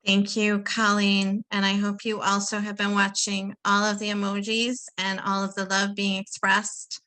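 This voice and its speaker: A woman's voice: mid-range voice, monotone, unhurried, pushed and bright, poor audio. A woman hosting a webinar over a video call, enthusiastic and addressing the audience as "y'all". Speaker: webinar host.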